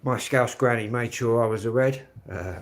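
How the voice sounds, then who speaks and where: A man's voice: mid-range voice, normal speed. A middle-aged man from Kent, rambling casually to viewers on a livestream with plenty of fillers. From Kent, England. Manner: chatty and rambling, many fillers. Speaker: livestream host.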